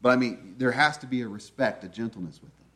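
A man's voice: mid-range voice, fast talker, a bit bright. A man preaching a sermon in an earnest, conversational teaching manner, often asking his listeners rhetorical questions.

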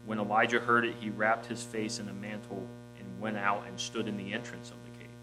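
Male pastor, lower voice, sermon delivery, big dynamic swings, music bed underneath. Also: little pitch movement, fairly quick, rough recording. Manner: reads scripture aloud, rising loud on key phrases, dropping soft for quiet lines.

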